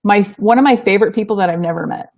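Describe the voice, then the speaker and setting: A woman's voice: mid-range voice, racing, gravelly. Chatty woman co-host, muffled audio. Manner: chatty and teasing, with frequent laughs and fillers. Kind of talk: casual live-stream chat.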